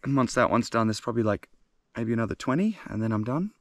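Alone on a mountain trail, a young hiker vlogs into a handheld phone or action camera, talking fast in an expressive mid-range voice with no echo. He's exhausted and hurting, sighing wearily again and again in this casual video diary.

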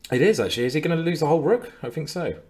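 A man's voice: fairly high pitch, lively intonation, racing, a little mellow. Chatty man coaching chess. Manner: chatty, repeats words, playful. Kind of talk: casual live-stream commentary.

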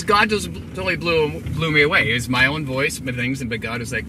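A man's voice: medium pitch, sing-song, fast, hardly any pauses, far from the mic. A middle-aged man, a college president, telling a personal story in a casual chat inside a moving car. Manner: earnest storytelling, then bursts into loud singing. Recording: road noise, mic away from speaker.

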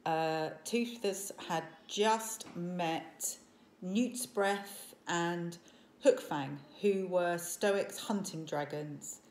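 A woman teacher reading a story aloud to children, animated, and stopping to ask questions. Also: lowish voice, extremely slow. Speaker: primary school teacher. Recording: echoey room.

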